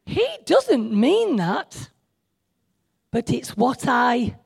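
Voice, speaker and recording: A woman's voice: on the high side, very animated, drawn-out words, gravelly, breathy edge. A woman giving an informal, chatty sermon, joking with her listeners and teasing herself. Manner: chatty, joking, self-deprecating, speaks to the audience directly. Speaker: speaker at a church meeting.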